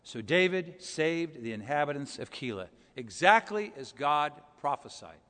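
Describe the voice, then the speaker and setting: A man's voice: a little high, very animated, measured pace, bright, forceful tone, in a large hall. A man preaching a sermon, explaining scripture verse by verse in a conversational way with rhetorical questions.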